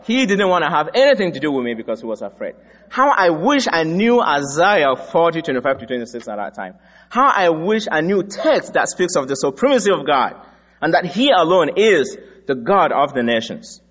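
A man's voice: on the high side, big pitch swings, normal speed, fairly bright tone. A man from Africa preaching a sermon, telling stories and stressing his points with emphasis. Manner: storytelling, emphatic. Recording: dull recording in a large echoing hall.

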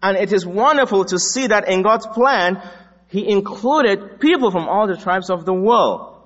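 An African man preaches a sermon, shifting between personal stories and firm, emphatic teaching at a measured pace. His expressive voice sits a little high and a bit bright for a man. The recording is dull and carries the long echo of a large hall.

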